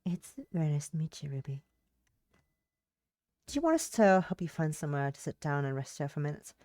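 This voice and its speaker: A woman voicing a gentle grown-up magical girl with a put-on British accent, soft and reassuring. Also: low-pitched, lively intonation, brisk, no echo.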